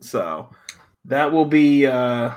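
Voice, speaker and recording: A man's voice: mid-range voice, expressive, extremely slow, a little mellow. An American man co-hosting a podcast in casual chat, goofy, rambling and self-mocking. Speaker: podcast co-host.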